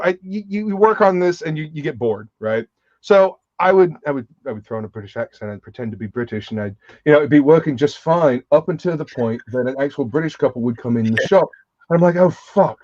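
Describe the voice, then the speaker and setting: A man's voice: mid-range voice, darkish tone, no echo. A man chats casually on a live stream, eager and loose-mouthed, cursing as he raves. The audio is somewhat dull and lo-fi, and the mic is dry and close, with no room around him. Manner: enthusiastic, swears freely. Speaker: livestream host. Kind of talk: casual chat.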